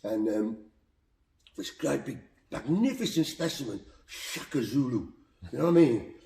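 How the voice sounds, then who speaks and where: Black country bloke, boxing coach, spinning emotional yarns, lots of repeats, echoey room. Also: male voice, mid-range voice, normal speed, creaky. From Black Country, England. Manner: animated, repetitive, heartfelt. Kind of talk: emotional storytelling in conversation. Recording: roomy echo.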